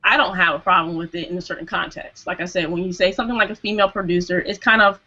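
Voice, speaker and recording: A woman's voice: on the low side, fairly even intonation, quick pace, pushed and bright. A woman speaking earnestly in a casual group discussion as a hangout guest, full of "you know"s and restarts. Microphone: video call microphone. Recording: dull lo-fi video call audio.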